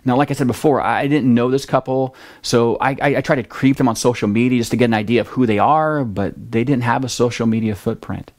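Middle-aged pastor, chatty storyteller. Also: male voice, medium pitch, fast talker, hardly any pauses. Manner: conversational storytelling, lively at dramatic moments. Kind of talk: sermon with a personal story.

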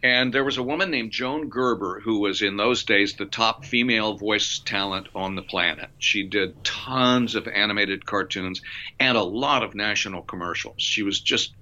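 A middle-aged man, a former radio DJ turned voice actor, telling animated stories as an interview guest. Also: lowish voice, moderate pace. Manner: animated anecdotal delivery with fillers. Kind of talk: storytelling in a conversational interview. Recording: dull lo-fi audio.

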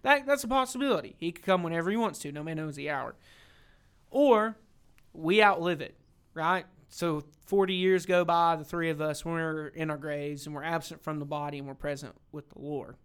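A young man, co-hosting a church podcast in a casual, animated Bible discussion, acting out quotes as he goes. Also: a little high, moderate pace, smooth. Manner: animated, acts out quotes, says "dude".

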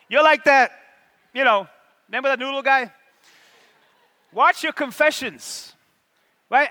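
Animated high-voiced preacher, man, hall reverb. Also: unhurried, long pauses. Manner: animated, call-and-response with the congregation. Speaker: pastor. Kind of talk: sermon.

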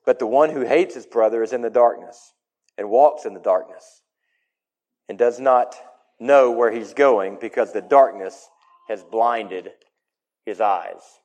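A man preaching a sermon in an emphatic way, his voice swinging between loud and soft. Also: medium pitch, measured pace, dull audio.

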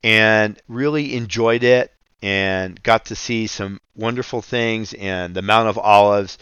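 A man hosting a radio ministry show, teaching and reading scripture in an earnest, unhurried way. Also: lowish voice, steady tone, a bit bright, clear, resonant tone, no room sound, highs cut off. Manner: slow, earnest, reads scripture aloud.

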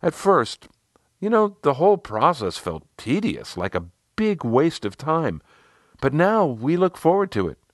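A man's voice: on the high side, sing-song, unhurried, no room sound, clean studio sound, pitched above the performer's own voice. A man voicing a proud, chatty male team leader who talks enthusiastically about his team. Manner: enthusiastic, boastful storytelling.

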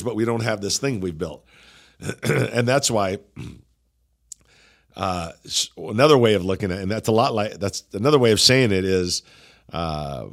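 A man hosting a podcast and coaching pastors in an energetic, conversational way, often dropping in "man" as he talks. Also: fairly low pitch. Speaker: podcast host. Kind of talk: casual pastoral coaching talk.

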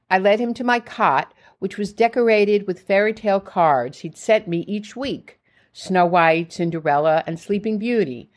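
A woman reads her own memoir aloud with a steady storytelling delivery. Her pitch sits mid-range for a woman. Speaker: memoir reader. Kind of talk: memoir narration.

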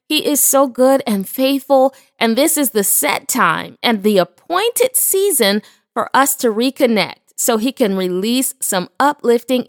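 Female devotional host, higher pitch, emphatic and praise-filled, dry studio sound. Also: a bit bright, dry recording. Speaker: podcast host and ministry founder. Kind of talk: devotional podcast preaching.

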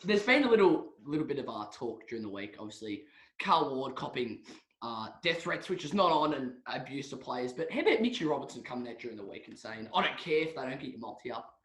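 A man's voice: medium pitch, very animated, quick pace, a bit bright. A young Australian man in his late teens to twenties, rambling and giggling through comedic podcast banter. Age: young adult. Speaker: podcast co-host. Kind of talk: comedic chat. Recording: roomy echo.

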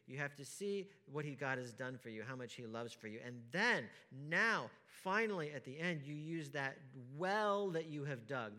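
A man preaching a sermon as pastor, emphatic, asking rhetorical questions and swinging from hushed to loud. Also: fairly high pitch. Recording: long hall reverb.

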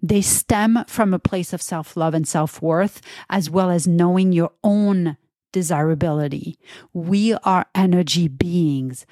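A woman's voice: on the low side, measured pace, mellow, no echo, clean studio sound. A woman hosting a spiritual self-help talk, earnest and soothing as she guides the listener. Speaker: podcast host.

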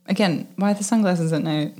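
Dry-witted woman, fairly low voice. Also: moderate pace, a little mellow. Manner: dry, wry nitpicking remarks. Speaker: podcast co-host. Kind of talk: casual movie-watching commentary.

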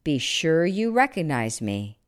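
A woman voicing a calm, gentle male visitor who speaks softly and slowly. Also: sits low, clear, resonant tone. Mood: solemn. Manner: soft, slow and hushed.

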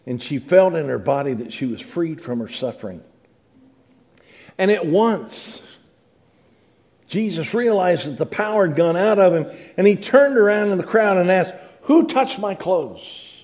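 A man's voice: fairly high pitch, a little mellow. A middle-aged male pastor reading scripture dramatically and preaching with rising emphasis. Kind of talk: sermon.

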